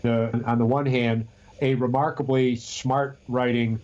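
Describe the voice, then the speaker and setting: A man's voice: medium pitch, little pitch movement, unhurried, a little mellow, lo-fi sound. A man co-hosting a podcast in casual chat, rambling and telling stories with frequent restarts. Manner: rambling, restarts often, storytelling. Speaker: podcast co-host.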